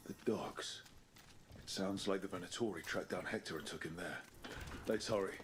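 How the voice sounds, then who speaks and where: A man's voice: sits low, normal speed, a little hiss or hum, natural voice. An actor playing a grim, determined male adventurer in a fantasy video game, speaking tersely and urgently.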